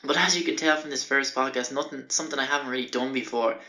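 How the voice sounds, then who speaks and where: A man's voice: mid-range voice, steady tone, fast, sharp tone. A young man in his twenties rambling through a sweary anecdote on his podcast, recorded in a small bathroom on a handheld music player. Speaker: podcast host. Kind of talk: casual anecdote.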